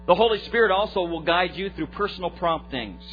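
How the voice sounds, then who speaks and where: A man preaching as a pastor, giving a short devotional in an earnest way that grows lively when he retells a story. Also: high voice, a little fast. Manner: earnest preaching that turns lively and loud in retold stories. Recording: dull lo-fi recording with faint mains hum.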